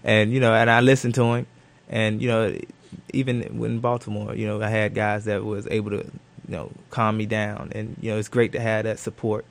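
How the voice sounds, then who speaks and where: A man's voice: fairly low pitch, level tone, moderate pace, vocal fry. A man, a professional football cornerback, answering questions in a studio interview, thoughtful and full of fillers and restarts.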